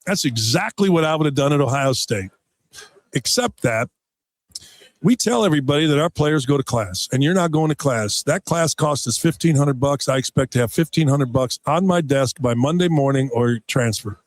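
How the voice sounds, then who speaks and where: A man putting on the voice of a stern, gruff older basketball coach in a radio story, blunt and matter-of-fact. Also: medium pitch, lively intonation, normal speed, no echo, voice pushed down, close to an everyday voice.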